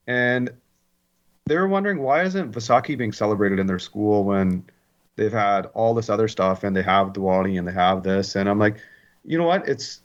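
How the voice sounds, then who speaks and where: A man's voice: fairly low pitch, muffled recording. A man, a hockey analyst speaking as a podcast guest in an easygoing, conversational way. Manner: easygoing, repeats words. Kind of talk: casual conversation.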